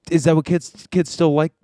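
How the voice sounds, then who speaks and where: A man co-hosting a casual comedy podcast, joking and swearing, often cutting into quick asides. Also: fairly high pitch, level tone, mellow, no room sound, studio quality. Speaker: podcast co-host.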